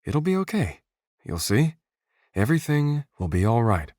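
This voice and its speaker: A man's voice: medium pitch, sing-song, normal speed, a little mellow, no echo, clean studio sound, lightly acted. A man voicing an anxious young man in a strange land, who asks nervous questions and mutters to himself.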